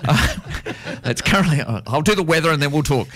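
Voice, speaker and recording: A man's voice: on the high side, lively intonation, fairly quick, a bit bright. A man hosting a casual radio chat show, reading the weather and laughing often with his guests. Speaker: radio host.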